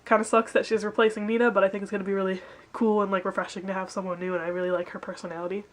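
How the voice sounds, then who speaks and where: A woman's voice: mid-range voice, little pitch movement, rapid-fire. A woman recapping a TV episode in casual chat, filling her talk with "like" and "kinda". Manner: chatty, fills with "like" and "kinda".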